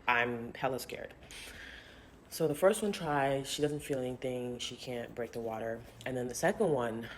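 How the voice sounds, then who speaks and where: A young woman vlogger telling a personal story in a casual, chatty way, often quoting others in lively put-on voices. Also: extremely low pitch, moderate pace, slight background noise.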